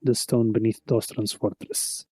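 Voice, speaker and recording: A man's voice: fairly low pitch, flat delivery, a little slow, mellow, breathy edge, dry recording. A man voicing the ghost of a fallen chieftain, speaking formally with a put-on accent. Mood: solemn. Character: ghost of a fallen male chieftain, solemn and regretful.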